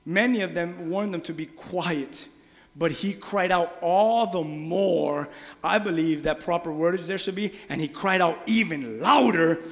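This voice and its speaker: A man preaching a sermon, animated, acting out voices and shouting the quoted lines. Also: high voice, a little slow. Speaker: pastor. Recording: long reverb of a large hall.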